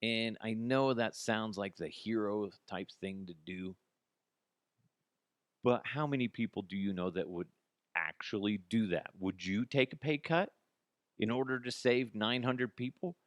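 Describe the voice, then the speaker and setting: A man hosts his own podcast, ranting bluntly and mockingly and restarting his sentences often. His voice is lowish and a little slow, with no room sound.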